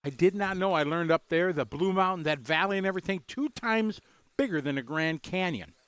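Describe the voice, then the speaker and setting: Chatty man with a smooth, higher voice. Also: expressive, brisk, a bit bright, dry recording. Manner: chatty, greets viewers by name, loose and rambling. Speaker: race commentator and driver. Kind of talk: casual live race commentary.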